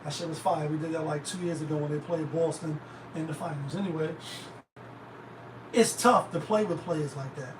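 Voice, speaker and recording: A high-voiced man rambles through casual commentary, loose and profane. He sits back from the mic in an echoey room. Steady noise hums under him. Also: moderate pace. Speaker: host. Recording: roomy, distant, noisy.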